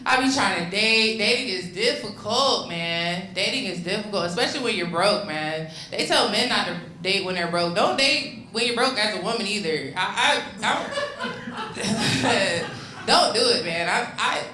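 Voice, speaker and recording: A woman's voice: medium pitch, expressive, unhurried, sharp tone, roomy sound, a little hiss or hum, poor audio. A young adult woman doing a stand-up comedy set on a club stage, loose and profane, talking casually with lots of ums and restarts.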